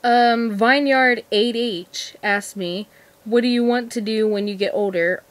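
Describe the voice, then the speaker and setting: A woman's voice: a little high, measured pace. A seventeen-year-old girl answering viewer questions in a casual vlog, nervous and giggly, rambling with lots of restarts. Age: teens. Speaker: vlogger.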